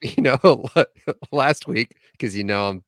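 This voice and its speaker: A man co-hosting a casual podcast, setting up jokes deadpan and swearing casually. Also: mid-range voice, slow, no echo, studio quality. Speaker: podcast co-host.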